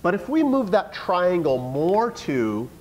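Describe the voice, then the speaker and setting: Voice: medium pitch, big pitch swings, takes it slowly, darkish tone, a little hiss or hum, low-quality recording. A teacher giving a classroom lesson, coaxing the students with question after question.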